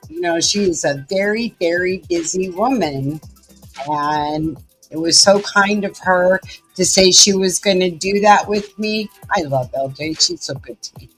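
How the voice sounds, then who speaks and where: Woman, southern accent, slow drawl, chatty livestream host, faint music behind. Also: mid-range voice. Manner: chatty, folksy, addresses viewers as y'all. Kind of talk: casual live commentary. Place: home.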